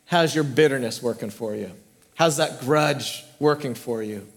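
A middle-aged pastor preaching in a church sanctuary, with a high, light voice. He talks earnestly, builds to emphatic peaks and then drops to slow, hushed lines. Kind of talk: sermon.

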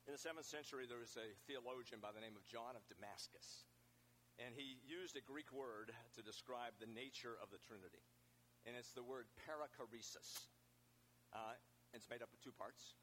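A man preaching a sermon in a relaxed, conversational way, often restarting his phrases. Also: mid-range voice, moderate pace, slight background noise, low-quality recording. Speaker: pastor.

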